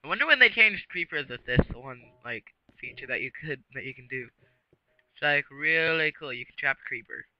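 A man's voice: a little high, animated, normal speed, lo-fi sound. A man giving rambling casual commentary while playing a game, chatting to creatures and swearing mildly under his breath. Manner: rambling, talks to game creatures, mild self-censored cursing. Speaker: gameplay video maker.

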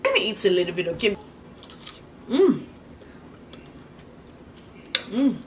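A Nigerian woman hosts a casual eating vlog, talking in a chatty, storytelling way and stopping to hum over her food. Her voice sits at a middle pitch. The mic is set a little away from her, with a faint noise underneath. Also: very animated. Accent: Nigerian English. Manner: chatty and storytelling, pausing to eat with hums of enjoyment. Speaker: vlogger, host of the channel. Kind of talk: casual mukbang chat while eating. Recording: slightly distant mic with faint background noise.

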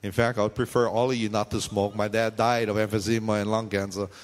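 A man's voice: on the low side, little pitch movement, quick pace. A man preaching a sermon as pastor, talking conversationally with joking asides and frequent questions to the congregation. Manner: frequent questions and call-outs to the audience. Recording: long reverb in a hall.

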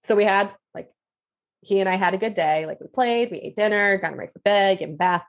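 A woman guest on a podcast, telling relaxed, conversational anecdotes. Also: medium pitch, quick pace, muffled recording. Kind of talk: casual chat.

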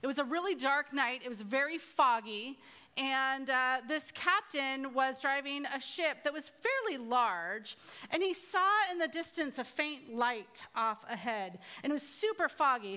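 A woman teaching a women's Bible study into a microphone on a speaker system, telling stories in a lively, self-deprecating way with laughs. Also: high voice, measured pace. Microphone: microphone through a speaker system.

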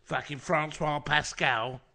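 A man's voice: fairly high pitch, steady tone, slow pace, bright, forceful tone. A man co-hosting a crude comedy podcast, swearing freely and egging his partner on. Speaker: podcast co-host.

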